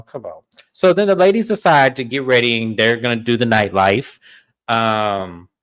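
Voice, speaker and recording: Guy doing a reality tv recap, blunt and cussing, mid-range voice. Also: mid-range voice. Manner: blunt, profane, animated storytelling. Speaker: podcast host. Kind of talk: casual reality-TV recap chat.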